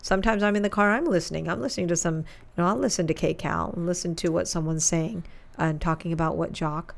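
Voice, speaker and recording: Low, gravelly-voiced woman in chat. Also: fast talker. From Pakistan. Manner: chatty and joking, with asides. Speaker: radio DJ and school district spokeswoman, guest. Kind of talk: casual interview chat.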